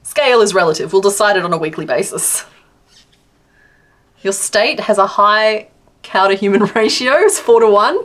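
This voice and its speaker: A woman's voice: mid-range voice, fairly bright tone. Chatty Australian woman streaming. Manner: chatty, reads and answers chat, laughs often. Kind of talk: casual live-stream chat while crocheting.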